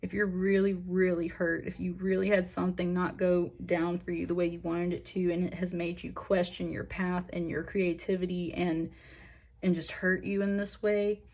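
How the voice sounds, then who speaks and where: Young woman, slightly low voice, tarot reader; earnest, emotional, encouraging, talks in loose rambling asides. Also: little pitch movement, normal speed, a little mellow. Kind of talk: pick-a-pile tarot reading.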